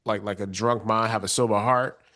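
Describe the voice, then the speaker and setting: A man's voice: fairly low pitch, fairly even intonation, fairly quick, pushed and bright. Laid-back man chatting about a show. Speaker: podcast co-host. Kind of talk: casual recap chat.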